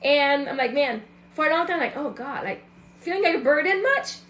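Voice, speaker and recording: This thirties-aged woman hosts a show, her high, bright voice animated and fairly quick as she reflects candidly on her own life. Fillers and quoted inner thoughts pepper her loose, chatty delivery, with faint music behind and a roomy echo on the recording.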